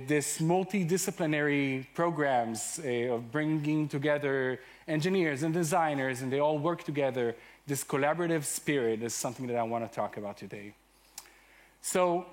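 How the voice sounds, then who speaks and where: A man from Israel giving an enthusiastic, self-deprecating conference talk on stage, with frequent fillers. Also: on the high side. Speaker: conference speaker.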